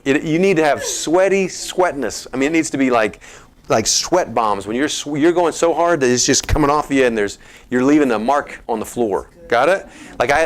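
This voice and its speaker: Energetic Texan man coaching a crowd. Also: medium pitch. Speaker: chiropractor giving a health talk. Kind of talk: lively seminar talk to a live audience.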